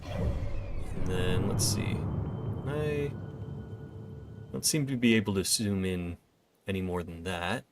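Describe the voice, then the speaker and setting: A fairly low-voiced man streaming a game, talking through what he finds as he goes. He chats easily with viewers and thanks them by name. Faint ambient noise sits behind him. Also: slow, long pauses. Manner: thinks aloud and chats with viewers. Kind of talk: casual gameplay commentary.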